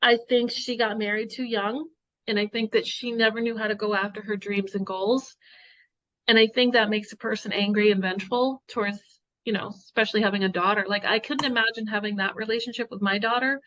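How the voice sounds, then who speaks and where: A woman's voice: mid-range voice, fairly even intonation, brisk, fairly bright tone. Heartfelt rambling middle-aged woman, lo-fi. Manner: rambling, heartfelt, full of "you know"s. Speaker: host. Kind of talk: emotional personal conversation.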